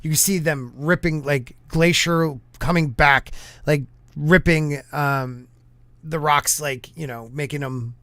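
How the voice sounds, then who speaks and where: Male podcast host, higher voice, rambling and halting, dry close sound. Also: steady tone, fairly bright tone, no room sound. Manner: rambling, halting, many fillers and restarts. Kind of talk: casual podcast chat.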